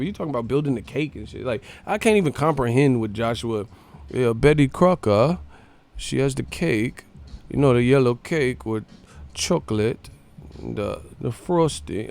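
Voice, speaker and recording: A man hosting a live stream, giving casual boxing commentary in a profane, animated, mocking rant. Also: mid-range voice, measured pace. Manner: profane, animated, mocking ranting with frequent laughs.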